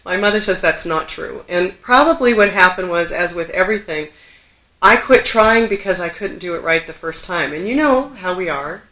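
A woman's voice: on the low side, animated, moderate pace, pushed and bright. A middle-aged woman from Southern California telling a personal story to a live audience, self-deprecating and laughing often. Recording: roomy echo.

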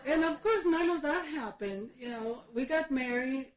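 A middle-aged woman from Mexico giving a halting personal testimony, full of fillers and restarts, laughing through painful memories. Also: sits high. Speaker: speaker sharing her recovery story. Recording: echoey room, dull lo-fi sound.

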